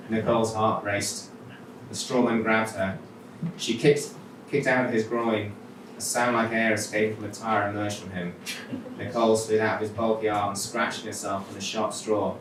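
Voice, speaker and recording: A man's voice: lowish voice, steady tone, normal speed, fairly bright tone. A man with a Welsh accent reading his own short story aloud at a live literature event, with wry conversational asides. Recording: echoey hall, mic from far off, noisy.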